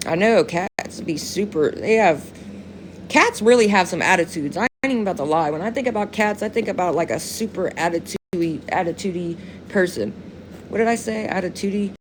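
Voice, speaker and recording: A woman's voice: on the low side, brisk, a little hiss or hum. Young woman chatting slangy on a phone live. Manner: slangy, profane, bursts into laughter. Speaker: TikTok live streamer. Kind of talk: casual live-stream chat.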